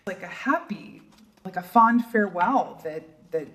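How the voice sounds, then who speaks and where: A woman doing a tarot reading for her viewers, talking softly and emotionally, with many fillers and trailing pauses. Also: lowish voice, animated. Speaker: tarot reader. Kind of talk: casual tarot reading to camera.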